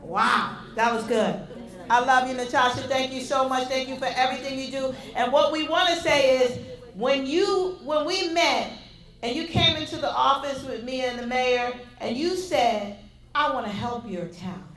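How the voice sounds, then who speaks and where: Effusive high-voiced woman emcee in an echoey hall. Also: moderate pace, fairly bright tone. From United States. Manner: effusive, exclaiming. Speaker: event host. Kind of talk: emcee introducing a speaker.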